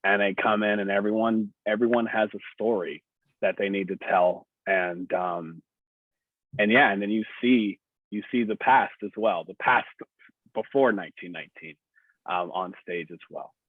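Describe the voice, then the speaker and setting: A man calls in over a thin, tinny phone line that sounds dry and close. His voice is low, and he speaks haltingly, filling gaps with ums and uhs. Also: no room sound. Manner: hesitant, halting. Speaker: actor guest. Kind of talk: interview conversation.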